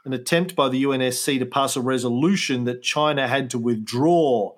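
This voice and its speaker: A man's voice: medium pitch, fairly quick. A man co-hosting a casual history podcast, reading documents aloud with jokey asides. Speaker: podcast co-host.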